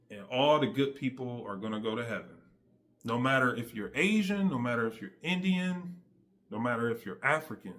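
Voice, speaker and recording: A faith vlogger with a medium-pitched, bright, forceful voice gives a casual, slangy testimony straight to his audience. He is emphatic and conversational.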